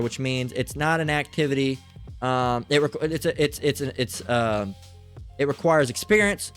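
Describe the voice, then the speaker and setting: A man giving an informal Bible teaching, rambling and swearing freely, often mocking people as he goes. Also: mid-range voice. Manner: rambling, profane and mocking, with frequent filler.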